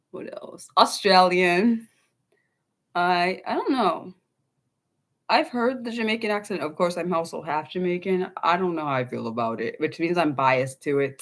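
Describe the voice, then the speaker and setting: A young American woman hosts her own unscripted livestream, chatting loosely with viewers and pausing often with ums and restarts. Her voice sits a little low for a woman. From United States. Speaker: livestream host. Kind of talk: casual unscripted livestream chat.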